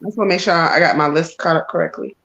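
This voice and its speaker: A woman's voice: low-pitched, fairly even intonation, racing, a bit bright, dull audio. A woman co-hosting a live stream, casually keeping the list of callers. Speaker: co-host keeping the reading list.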